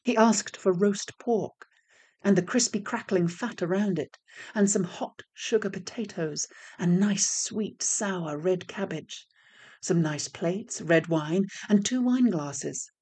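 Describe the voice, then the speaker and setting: A woman reading a folk tale aloud, in a measured and expressive storytelling manner. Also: medium pitch, slightly rough.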